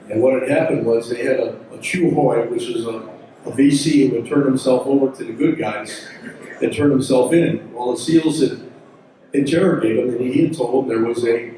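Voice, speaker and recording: A man's voice: mid-range voice, dark tone, slight background noise. An older man, a veteran pilot, telling war stories to an audience in a folksy, rambling way, often backing up to add details. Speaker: symposium speaker, veteran helicopter pilot. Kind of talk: storytelling talk to an audience. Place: large hall. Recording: echoey hall recording from far off.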